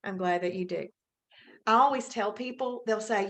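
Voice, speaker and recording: Speaking at normal speed in a mid-range, slightly bright voice, this Alabama-accented webinar host keeps things casual. She cheerfully welcomes viewers one by one by name during the live session.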